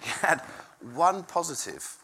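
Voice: medium pitch, huge pitch swings, a little slow, gravelly, bright, forceful tone, slight background noise. A preacher telling a story to a congregation in an informal sermon, chatty and self-interrupting, often laughing. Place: room with a congregation.

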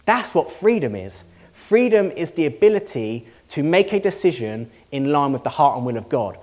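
A man's voice: a little high, very animated, moderate pace, a little mellow. A male pastor giving a sermon to a congregation, earnest and conversational, asking the room rhetorical questions. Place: church hall before a congregation.

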